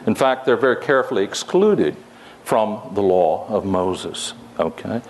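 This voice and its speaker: A man's voice: fairly low pitch, expressive, unhurried. An older man teaching the Bible in a folksy, conversational way, with many fillers and asides.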